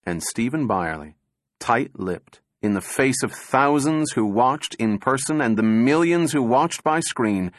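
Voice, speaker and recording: A man narrating an audiobook in a steady, measured reading voice. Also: mid-range voice, no room sound, clean studio sound.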